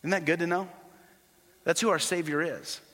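A man preaching a sermon as a pastor. He is animated and sometimes drops to a soft hush. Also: on the high side, normal speed. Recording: long hall reverb.

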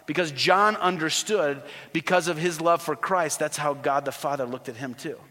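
Male pastor, sermon, bright ringing voice, long church reverb, animated then hushed. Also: fairly high pitch, moderate pace. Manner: animated preaching, drops to a soft hush for tender lines.

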